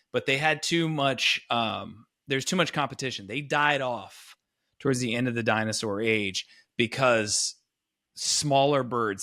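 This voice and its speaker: A male podcast co-host with a medium-pitched, sharp-toned voice chats casually and enthusiastically, rambling with many restarts. The recording is dry and studio quality.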